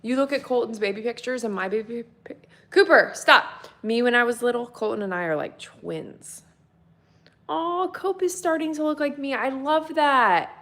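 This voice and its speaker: Her voice sits a little high and fairly bright, animated and at a normal speed. She's a woman in her thirties raising three boys, casually rambling to viewers from her home kitchen through a phone mic, doing chores and laughing a lot.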